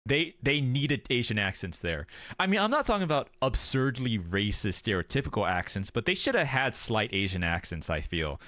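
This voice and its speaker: A young male streamer talks over a show he is watching, his pitch bouncing all over the place as he exclaims at the screen. He swears casually and freely. The sound is dry and close, with no room around it. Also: very animated, normal speed, sharp tone, no echo. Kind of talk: casual watchalong reaction chat.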